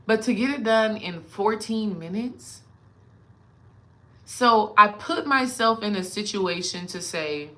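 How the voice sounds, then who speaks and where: A woman's voice: on the low side, pushed and bright. A woman spiritual coach talking casually and animatedly to her viewers, addressing them directly.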